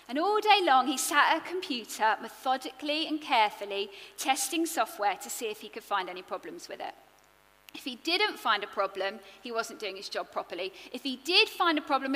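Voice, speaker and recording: A woman preaching a sermon, earnest and expressive, building her points in rhythmic lists. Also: on the high side, big-room sound.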